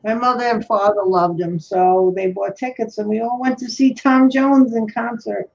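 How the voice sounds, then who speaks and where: A woman's voice: on the high side, steady tone, moderate pace, gravelly, darkish tone. A woman with a New York accent, chatting casually with friends during a livestream. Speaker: livestream co-host. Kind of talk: casual chat. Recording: lo-fi livestream audio.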